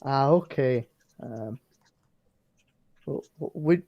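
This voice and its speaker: A game master narrating a tabletop game, halting and heavy on fillers. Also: mid-range voice, animated, a little mellow, dry recording, highs cut off.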